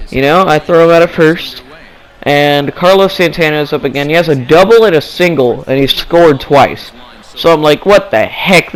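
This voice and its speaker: Young man, casual gameplay commentary, playful, mock-dramatic asides, mid pitch. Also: smooth, rough recording.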